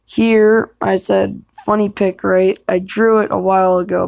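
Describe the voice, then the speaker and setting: A woman talking casually to her viewers in a flat, unhurried way. Her voice has a lot of vocal fry throughout, and she rambles and hesitates between thoughts. The sound is close and dry. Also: medium pitch, no room sound. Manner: rambling, hesitant, many pauses. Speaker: voice actor vlogger. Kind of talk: casual vlog chat.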